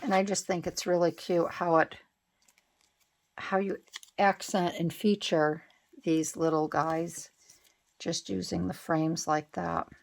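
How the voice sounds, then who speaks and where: A woman narrates her crafting at an unhurried pace, thinking aloud and second-guessing her choices. Her voice sits a little low and carries a gravelly fry, with a relaxed, casual delivery. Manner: thinking aloud, hesitant and musing. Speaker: craft channel host.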